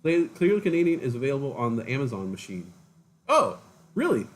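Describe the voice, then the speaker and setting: A man's voice: medium pitch, sing-song, quick pace, warm tone. A man casually chatting to viewers on a livestream, telling rambling stories and mimicking other people's voices. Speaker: livestream host.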